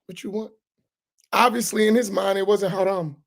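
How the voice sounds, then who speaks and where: A man's voice: high voice, fairly even intonation, moderate pace, vocal fry. A man, an imam, teaching a religious class in a heated, sarcastic way full of rhetorical questions. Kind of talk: heated religious lesson, argumentative.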